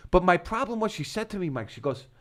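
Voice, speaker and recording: Animated swearing man telling stories. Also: high voice, fast talker. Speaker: co-host. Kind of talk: casual chat.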